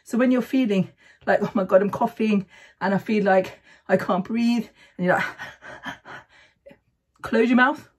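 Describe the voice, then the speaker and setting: A middle-aged woman speaks in a relaxed, chatty way, sharing practical tips and often pausing for a quick "okay?". Her voice sits at an ordinary pitch and has a breathy, slightly husky edge. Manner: chatty, keeps adding "okay?". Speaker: vlogger sharing health tips. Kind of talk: casual advice talk to camera.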